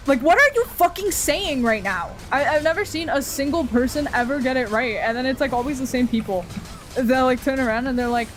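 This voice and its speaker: Streaming a game with faint music in the background, a Canadian woman talks fairly quickly in a high, expressive voice. She wanders from topic to topic, curses without restraint, and laughs often.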